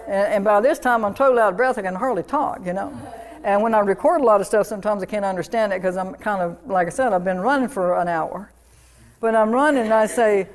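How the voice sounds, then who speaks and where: A middle-aged woman pastor delivers a sermon in a mid-pitched voice. She preaches with fervent conviction, declaring and commanding, and often repeats her affirmations. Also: fast.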